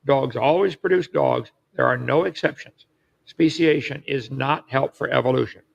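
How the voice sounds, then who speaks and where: A man's voice: mid-range voice, moderate pace, vocal fry, dull audio, slight background noise. A man lecturing assertively in an old recorded clip. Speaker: creationist speaker.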